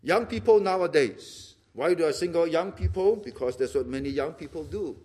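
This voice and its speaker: Animated high-voiced preacher. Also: male voice, fairly quick, breathy edge. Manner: animated, acts out little dialogues, laughs often. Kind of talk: sermon.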